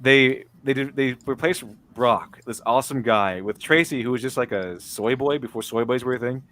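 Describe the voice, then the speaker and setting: A man's voice: mid-range voice, moderate pace, fairly bright tone. A man hosting a casual commentary chat, rambling with restarts and a mocking tone. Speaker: podcast host.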